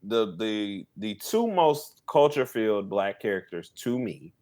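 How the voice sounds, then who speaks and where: A man's voice: fairly low pitch, lively intonation, unhurried, a little mellow. A man co-hosting a podcast in casual chat, rambling with lots of fillers and restarts. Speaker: podcast co-host.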